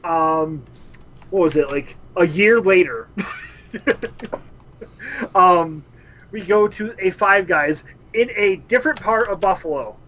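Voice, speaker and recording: A man's voice: high-pitched, slow, pauses often, dull audio, a little hiss or hum. A man co-hosting a casual podcast, telling stories. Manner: animated storyteller, laughs often. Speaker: podcast co-host. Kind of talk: casual chat.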